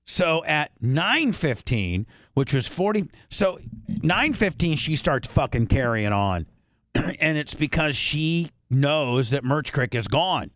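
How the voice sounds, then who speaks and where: A man hosting a podcast, telling a long rambling story in casual chat, swearing freely and clearing his throat often. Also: a little high, big pitch swings, slow, fairly bright tone, no room sound, studio quality. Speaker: podcast host.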